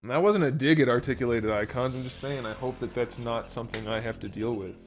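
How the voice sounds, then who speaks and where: A man of average pitch hosting a loose tutorial stream. He rambles and thinks out loud as he works through each step. Faint music sits quietly behind his voice. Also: fast talker. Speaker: YouTube host and 3D modeler. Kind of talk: casual live-streamed modeling tutorial.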